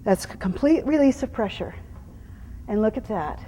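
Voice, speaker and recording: A middle-aged woman horse trainer teaching a live clinic, calmly explaining as she works a horse and slipping into soft praise and hushed whispers to it. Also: mid-range voice, moderate pace, big-room sound, slight background noise. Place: horse arena during a clinic.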